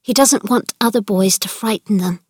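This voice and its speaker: A woman's voice: medium pitch, normal speed, breathy edge, no room sound, clean studio sound, close to an everyday voice. A woman reading aloud, voicing an earnest, curious young girl. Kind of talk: read-aloud storybook dialogue.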